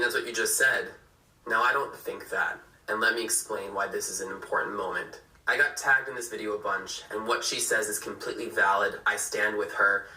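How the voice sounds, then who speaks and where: A man's voice: on the low side, pushed and bright. A man giving an emphatic, profane, encouraging monologue. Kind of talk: impassioned social media monologue. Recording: roomy sound from a distant mic.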